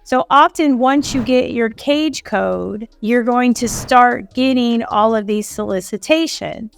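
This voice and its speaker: A woman's voice: on the high side, slow, gravelly, a little hiss or hum. A woman coaching on government contracts in a casual teaching style, acting out quoted callers as she explains. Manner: conversational, acts out quoted callers. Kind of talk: casual instructional talk.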